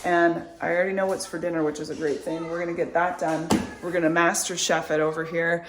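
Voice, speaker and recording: Chatty upbeat mom vlogger. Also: female voice, on the low side, little pitch movement, brisk, background noise. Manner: chatty, upbeat, rambling with fillers. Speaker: vlogger, mother. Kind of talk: casual chatty vlog.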